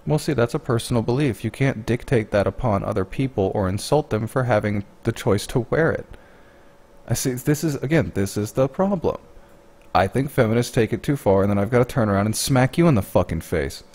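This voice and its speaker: A man's voice: mid-range voice, brisk, a little mellow. A man giving sarcastic, blunt and profane commentary on another man's video.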